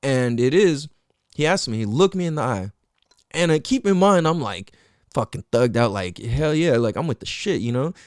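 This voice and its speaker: A young man at mid pitch whose voice swoops up and down as he talks, recorded close and dry with no room sound. He tells a personal story on his podcast in loose, profane slang and keeps dropping in fillers like "you know". It is a casual, candid monologue. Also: animated, normal speed, darkish tone, smooth, no room sound. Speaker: podcast host.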